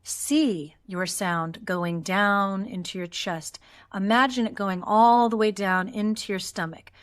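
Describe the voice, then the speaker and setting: A woman voice teacher leading a guided vocal exercise, calm and encouraging, showing sighs and yawns as she talks students through each step. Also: medium pitch, slow pace, smooth.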